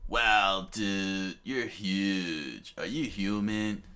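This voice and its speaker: A man voicing an excited, carefree young pirate captain with laid-back surfer slang. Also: low voice, drawn-out words, full character voice.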